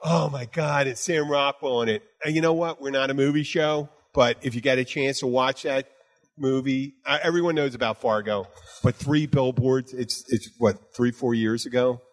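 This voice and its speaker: A man's voice: medium pitch, fairly even intonation, normal speed. A man hosting a bartending podcast in casual chat, talking bluntly and emphatically with plenty of swearing. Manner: emphatic, blunt, profane, repeats "you know what".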